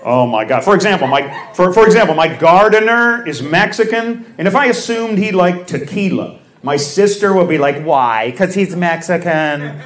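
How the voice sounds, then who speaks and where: A man doing stand-up with slow, deliberate setups. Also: sits high, animated, fairly bright tone, roomy sound. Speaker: stand-up comedian. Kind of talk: stand-up routine.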